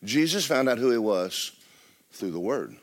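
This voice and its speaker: A middle-aged male pastor, preaching loudly and with life, often dropping to a hush. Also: mid-range voice, moderate pace. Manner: loud, lively preaching with sudden drops to a hush. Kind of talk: sermon. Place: church.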